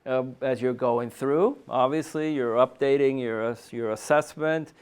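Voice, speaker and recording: A man's voice: mid-range voice, measured pace, a little mellow, smooth. A man presenting a medical talk to a panel of clinicians, speaking conversationally and often checking in with his listeners. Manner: conversational, frequent "um" and "right?" tag questions. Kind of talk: conference lecture. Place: meeting room.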